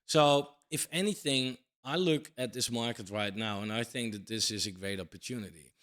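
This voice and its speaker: Talking crypto straight to camera, a man in his thirties keeps it casual, blunt and emphatic, with casual swearing and a habit of adding "right?" to his points. His voice is mid-range, fairly bright, at normal speed.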